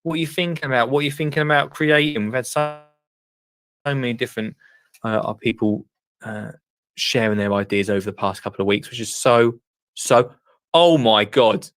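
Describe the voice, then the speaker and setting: A young man hosting a live show, excitable and breathless, tripping over his words. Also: mid-range voice, moderate pace. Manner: excitable, breathless, full of restarts. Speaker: host. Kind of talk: excited live-stream chat.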